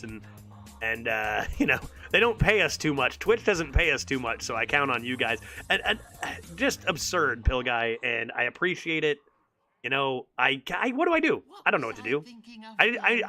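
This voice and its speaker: A young male game streamer with a lively, bouncing delivery and a bright, forceful tone. He rambles casually through his commentary and often repeats words mid-thought. Faint music plays behind him. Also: medium pitch.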